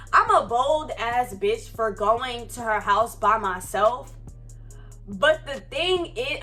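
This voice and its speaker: A young woman tells a heated storytime to the camera, her voice sitting high and bright. She talks in animated, profane slang, getting fired up as she goes, with faint music behind her. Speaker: vlogger. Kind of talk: casual storytime. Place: Florida.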